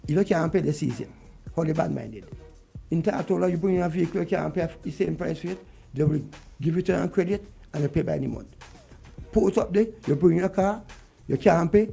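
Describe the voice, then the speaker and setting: Over quiet background music, a man from Saint Vincent airs his political frustrations as a radio guest, repeating himself as he rants. His slightly high, gravelly voice is mellow, moves fairly quickly, and often pauses.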